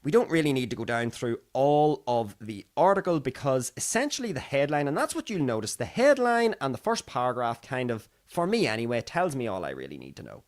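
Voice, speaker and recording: A young Irish man hosts a podcast, talking through the news in a casual solo commentary that keeps drifting off topic. His medium-pitched voice is sing-song and brisk with hardly any pauses, and he's chatty and digressive, acting out other people's voices.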